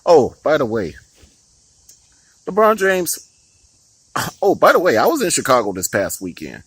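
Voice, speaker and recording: Profane, ranting man with a lively voice. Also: on the high side, a little slow, husky, no room sound, rough recording. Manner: profane, heated, with frequent laughs and restarts. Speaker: political commentary vlogger. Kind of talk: ranting political commentary.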